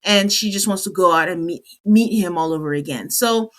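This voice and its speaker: A woman's voice: lowish voice, a little fast. Chatty woman recapping reality TV. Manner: animated storytelling, acting out the cast's lines. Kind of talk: casual recap commentary.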